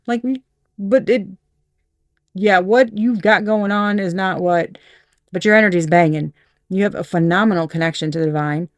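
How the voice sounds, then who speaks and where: A woman's voice: medium pitch, no room sound, studio quality. A woman giving a casual tarot reading, candid and profane, laughing often and acting out little quoted voices. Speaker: tarot reader.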